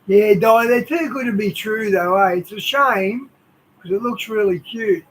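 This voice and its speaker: A man with a high, light voice who drops loud, casual comments into the talk. A faint hiss sits under the recording. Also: a little slow.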